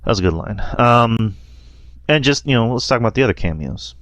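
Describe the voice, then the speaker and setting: A man's voice: medium pitch, lively intonation, fairly quick, fairly bright tone, no echo. A man hosting a casual movie review chat, rambling and laughing often. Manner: rambling, laughs often, quotes lines in a mocking voice. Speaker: podcast host.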